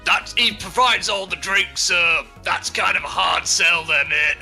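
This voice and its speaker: Bright, jokey male player. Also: high voice, a little slow, vocal fry, soft background music. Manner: jokey, teasing. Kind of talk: tabletop game chat.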